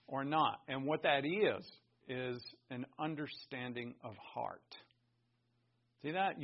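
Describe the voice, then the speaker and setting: Gravelly emphatic preacher man. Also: mid-range voice. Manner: emphatic, swings from loud to hushed. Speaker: pastor. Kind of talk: sermon. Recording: dull lo-fi recording.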